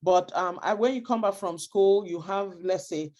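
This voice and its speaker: A woman's voice: medium pitch, normal speed, darkish tone. A woman giving earnest parenting advice in an online talk over a video call, acting out short example quotes. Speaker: guest speaker on parenting.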